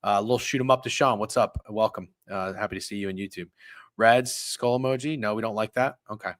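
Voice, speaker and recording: A man hosting a live sports betting stream, ranting with heavy swearing and swinging from muttered asides to loud outbursts. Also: on the low side, brisk, no room sound. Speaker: sports betting show host.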